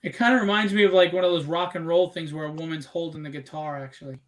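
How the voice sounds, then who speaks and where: A man's voice: fairly high pitch, fairly even intonation, fast talker. A man hosting a casual live stream, chatty and upbeat, joking about himself as he shows viewers' art. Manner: chatty and upbeat, self-mocking. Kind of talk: casual chat.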